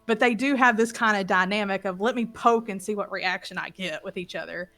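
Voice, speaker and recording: A woman player telling a tabletop game recap in casual chat, lively and swearing freely. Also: mid-range voice, fairly quick, soft background music.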